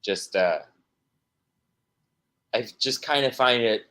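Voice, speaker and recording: A man's voice: mid-range voice, slow, sharp tone. A man, a musician guest on a podcast, talking casually and rambling through stories with many restarts and fillers.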